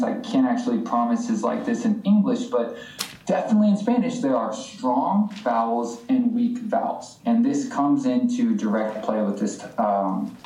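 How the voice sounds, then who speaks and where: A man's voice: mid-range voice, mellow. A man co-hosting a language podcast, teaching in a casual, jokey, slangy way. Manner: jokey, laid-back, slangy. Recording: echoey room, distant mic.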